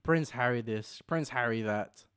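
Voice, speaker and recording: Smooth-voiced young man, jokey. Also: mid-range voice, measured pace, a bit bright. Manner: jokey, sarcastic, laughs often. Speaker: podcast co-host. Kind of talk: casual chat.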